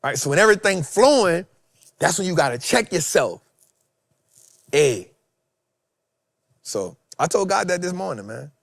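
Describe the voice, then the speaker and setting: Animated, preachy man with a dry, close sound. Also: sits high, normal speed, gravelly, long pauses, no room sound. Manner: animated, swings loud and soft, repeats phrases. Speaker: host. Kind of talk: preachy motivational talk.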